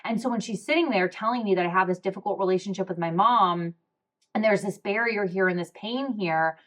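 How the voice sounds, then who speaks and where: A young woman hosts her own podcast and tells a candid personal story. She talks frankly and expressively, swears freely and breaks into quick asides. Her voice sits in an ordinary middle pitch for a woman. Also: a bit bright. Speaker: podcast host.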